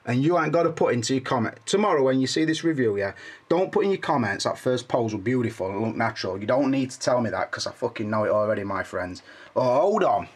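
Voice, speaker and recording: A man talks through a figure review at an easy, mid-pitched level. His chat is loose and jokey, full of swearing and rambling anecdotes. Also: expressive, fast talker, breathy edge. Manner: chatty, swears freely, jokey storytelling. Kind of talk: casual video review.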